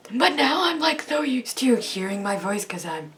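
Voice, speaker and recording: A young woman with a raspy, breathy voice chatting casually in a vlog, rambling and cutting herself off with frequent laughs. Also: mid-range voice, animated, normal speed, few pauses, fairly bright tone, slight background noise. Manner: rambling, self-interrupting, laughs often. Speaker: YouTuber.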